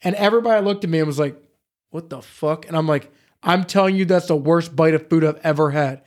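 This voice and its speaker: A man telling hunting stories in casual studio chat, profane and animated. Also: on the high side, a little fast. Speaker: podcast co-host.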